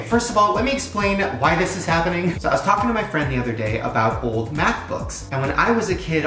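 An excitable young man unboxing something on a casual vlog, swearing freely and breaking into laughs and gasps. His pitch leaps high and drops low as he talks. The room gives his voice a roomy echo, with faint music underneath. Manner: excitable and profane, laughing and gasping often. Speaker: vlogger.

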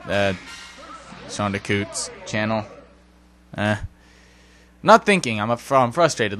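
An excitable young man talks over a video game, his pitch swinging widely between grumbles and yelps. He speaks slowly and mocks his own play. Faint music plays underneath. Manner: excitable, self-deprecating, given to sudden yelps. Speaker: let's play commentator. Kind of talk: casual gameplay commentary.

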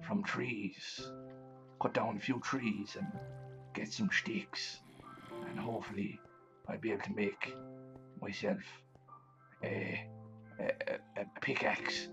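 Speaking in a creaky, fairly low voice, this gaming channel host plays a pirate character during his let's play, dropping growled "arr"s into his chatter. Faint music plays under a slightly dull, lo-fi recording.

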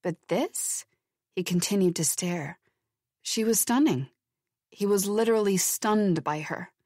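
A woman reading a novel aloud as audiobook narrator, measured and wry, close to a studio mic. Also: mid-range voice, animated, dark tone, dry recording. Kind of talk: scripted narration.

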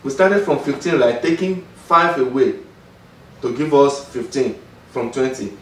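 A man with a Nigerian accent teaching Yoruba, slowly drilling words and repeating them for a student. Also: medium pitch, animated. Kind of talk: patient classroom teaching. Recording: roomy sound, mic far off.

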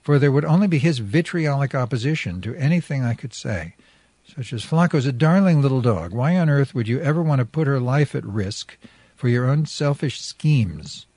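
A man's voice: mid-range voice, lively intonation, moderate pace, mellow, dry recording. A man, a radio host, reading a first-person story chapter aloud in a dry, wry narrating voice.

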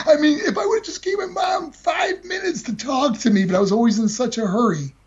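An older man with a very husky voice, telling a personal story in an earnest, heartfelt way with many repeated words. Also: a little high, darkish tone. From United States. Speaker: guest speaker. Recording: dull lo-fi call audio.

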